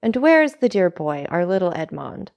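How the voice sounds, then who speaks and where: A woman's voice: on the low side, big pitch swings, moderate pace, gravelly, a little mellow. A woman reading aloud, voicing a greedy, fawning young male tailor who talks in a hearty, ingratiating way, in a storybook.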